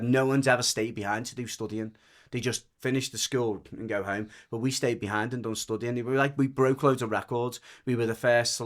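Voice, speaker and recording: A man from the Wirral with a Merseyside accent, telling a story in casual podcast chat, rambling and frank, often restarting and swearing. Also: medium pitch. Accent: Merseyside English. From the Wirral, England. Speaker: dog trainer and podcast guest.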